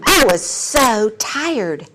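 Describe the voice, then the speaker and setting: A woman's voice: on the high side, very animated, drawn-out words, a crowd in the background, poor audio. Wry woman in her sixties telling her story. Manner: candid, wry, laughs often through the story. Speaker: speaker sharing at a recovery meeting. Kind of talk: personal storytelling talk. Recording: recording with clear background noise.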